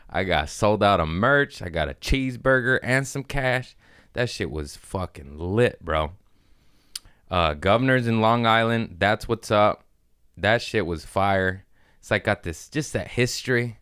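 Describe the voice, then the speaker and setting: Low-voiced comedian dude rambling on his podcast, swears a lot, laughs all the time, super dry close mic. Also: lively intonation, measured pace, a bit bright, clean tone, no room sound. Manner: profane, rambling, laughs often. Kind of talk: casual solo podcast monologue.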